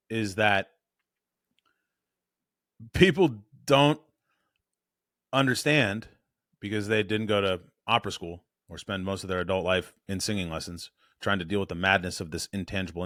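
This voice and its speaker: A man coaching on voice and presence in a blunt, animated, casual way, correcting himself as he goes. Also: low voice, normal speed, long pauses, no echo, studio quality.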